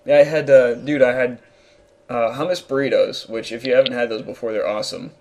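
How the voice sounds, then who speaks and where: Gravelly young man commenting on a game. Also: mid-range voice, steady tone, a little fast, darkish tone, slight background noise. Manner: rambling, laughing, filler-heavy. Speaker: let's play host. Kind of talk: casual gameplay commentary.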